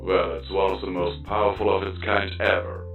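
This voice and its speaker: A man's voice: low-pitched, little pitch movement, moderate pace, vocal fry. A man voicing a wry, matter-of-fact male contact speaking through a battered robot with a mechanical, staticky sound, in an audiobook. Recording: dull lo-fi, roomy, music behind.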